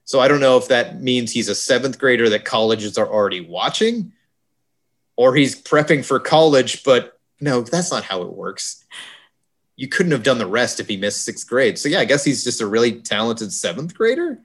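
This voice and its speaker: A man's voice: mid-range voice, lively intonation, moderate pace. A man co-hosting a podcast, rambling and joking about a movie in casual chat, often correcting himself mid-sentence. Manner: rambling, jokey, self-correcting. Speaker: podcast co-host.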